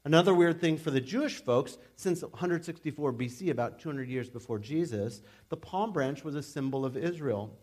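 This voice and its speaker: A young adult man preaching a sermon as pastor, in a casual, animated way with frequent restarts. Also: a little high, normal speed, few pauses.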